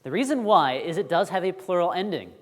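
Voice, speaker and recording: Lively man lecturing in a hall. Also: sits high, a little fast. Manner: lively, quizzes the audience. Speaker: Bible school teacher. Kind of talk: classroom lecture.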